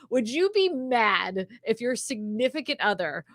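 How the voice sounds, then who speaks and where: Woman, high voice, chatty host, laughs a lot, dry close sound. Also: moderate pace, fairly bright tone, no echo. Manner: chatty storyteller, laughs often. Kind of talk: casual livestream chat.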